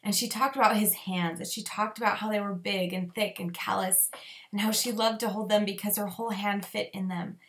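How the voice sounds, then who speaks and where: A woman in her thirties giving a chatty training talk to fellow coaches, full of "like"s and quick laughs. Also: medium pitch, steady tone, a bit bright. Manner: chatty, many "like"s, laughs often, acts out sample posts. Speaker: fitness business coach.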